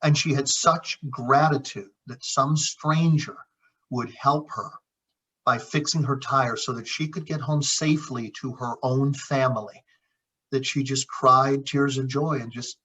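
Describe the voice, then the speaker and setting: A man's voice: medium pitch, fairly even intonation, measured pace, bright, forceful tone, husky. A middle-aged man, a chiropractor guest, telling a story in conversation and acting out the dialogue with frequent repeats. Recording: dull lo-fi audio.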